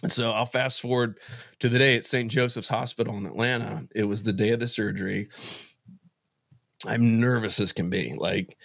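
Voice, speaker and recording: A man guest in a casual interview, telling a heartfelt personal story in an earnest, emotional way, often halting and restarting his sentences. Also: fairly low pitch, fairly even intonation, gravelly, fairly bright tone, no echo, studio quality. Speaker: podcast guest, business founder.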